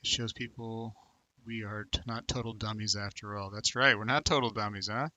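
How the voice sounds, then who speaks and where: An American man in his thirties hosts a casual livestream, his voice lowish, steady, sharp-toned and moderately paced. He chats loosely with viewers, addressing them by name, reading their comments aloud and rambling with plenty of fillers.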